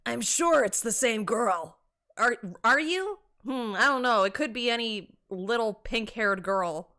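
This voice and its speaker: A woman's voice: fairly high pitch, animated, unhurried, sharp tone. A woman streaming a game, chatting playfully and reading lines aloud. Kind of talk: casual game stream commentary. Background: game music.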